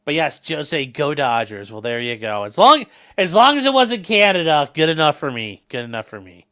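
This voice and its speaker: A man's voice: a little high, wildly swooping pitch, a little fast, sharp tone, clear, resonant tone. A man hosting a livestream, rambling and joking as he reacts to the chat. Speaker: livestream host reading chat. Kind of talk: casual stream chat.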